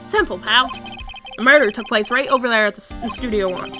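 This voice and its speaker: A woman voicing a bumbling, friendly male police detective who talks loud and blustery, reading video game dialogue aloud in character. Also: fairly high pitch, quick pace, over music, close to an everyday voice. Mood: explaining. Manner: loud, blustery, keeps saying pal.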